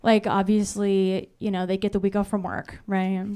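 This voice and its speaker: A woman's voice: medium pitch, flat delivery, moderate pace, mellow, smooth. A woman doing stand-up comedy on a club stage in a conversational way, often checking in with the audience. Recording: crowd in the club.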